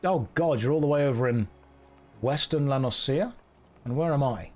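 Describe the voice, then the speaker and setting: A young man offers relaxed live commentary on the game he's streaming, trading dry, sarcastic running gags at a normal pace in a mid-range voice. Soft music plays behind him in the warm indoor room.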